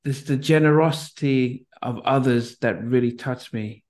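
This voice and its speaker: A middle-aged man from Nigeria, hosting an interview and sharing a personal story in a gentle, reflective way. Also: medium pitch, measured pace. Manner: gentle, reflective, many restarts. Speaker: podcast host. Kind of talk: conversational interview.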